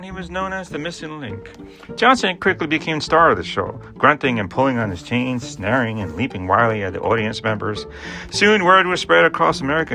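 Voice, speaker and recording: A man's voice: medium pitch, vocal fry. A man telling a humorous historical story, with playful asides and jokes about his own mistakes. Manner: jokey asides, playful and animated.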